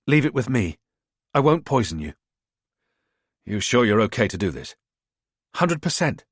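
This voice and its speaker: A man's voice: mid-range voice, big pitch swings, no echo, clean studio sound. A man voicing a bold, playful young woman who teases and jokes. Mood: teasing. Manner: teasing, quick to joke.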